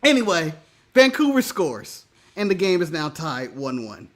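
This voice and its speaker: A male podcast co-host telling a story in casual chat, animated, laughing often and swearing freely. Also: a little high, measured pace.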